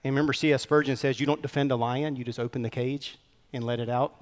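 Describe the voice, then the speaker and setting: A man preaching a sermon as pastor, earnest and conversational with quick asides. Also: mid-range voice, fairly even intonation, in a large hall. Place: church sanctuary.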